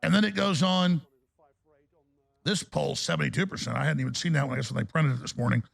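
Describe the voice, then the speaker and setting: Male talk radio host ranting hard, gravelly rasp, fairly high voice. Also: fast talker. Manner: heated, ranting delivery.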